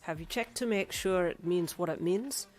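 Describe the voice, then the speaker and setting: A woman's voice: lowish voice, normal speed, faint music behind, natural voice. A woman voicing a friendly, chatty male tattoo piercer with an Irish accent, in a fan fiction audiobook. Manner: loud, jovial, folksy.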